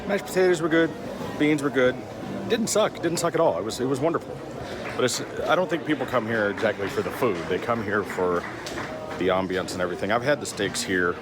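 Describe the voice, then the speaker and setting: A man's voice: medium pitch, lively intonation, a little fast, over music. A man from Texas with a Southern Texan accent, vlogging in a casual, rambling, blunt way and swearing freely. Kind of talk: casual travel vlog. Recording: outdoor traffic noise behind.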